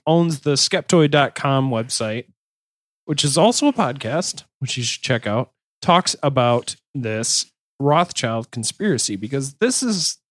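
A man hosting a podcast, talking at an ordinary pitch with an easy, rambling flow. He jokes loosely, then reads from his notes, tripping over words and starting again. The sound is close and dry. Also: no room sound. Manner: rambling, joking, self-correcting restarts. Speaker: podcast host. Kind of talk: casual podcast chat and reading notes aloud.

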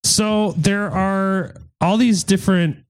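A man's voice: high voice, steady tone, takes it slowly, smooth. A man hosting a podcast, telling a story in a rambling, irreverent, joking way during a casual chat with friends. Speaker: podcast host.

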